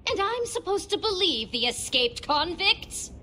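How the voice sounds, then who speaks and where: A woman's voice: very high voice, big pitch swings, a little slow, pushed and bright, slight background noise, heavily acted. An actress voicing a proud, cold woman who rules a city in a video game, haughty and icy. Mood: indignant. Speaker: game character.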